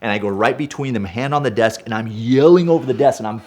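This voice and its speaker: A man in his forties telling a personal story in an animated way. He builds up heat as he goes and keeps checking in with "right?". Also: medium pitch, quick pace. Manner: gets fired up and loud while retelling; punctuates with "right?". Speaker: guest storyteller.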